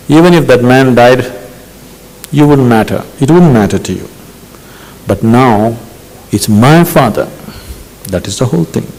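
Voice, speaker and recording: A man's voice: mid-range voice, darkish tone. A man speaking as a spiritual teacher to an audience, questioning listeners and often tagging his points with "isn't it?". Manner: questioning, repeats tags like "isn't it?". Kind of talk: spoken discourse to an audience. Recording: long hall reverb.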